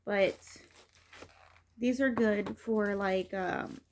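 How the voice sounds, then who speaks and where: A woman's voice: mid-range voice, steady tone, extremely slow, slight background noise. A middle-aged woman vlogging in a casual, rambling way, with many fillers and restarts. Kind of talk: casual rambling vlog talk.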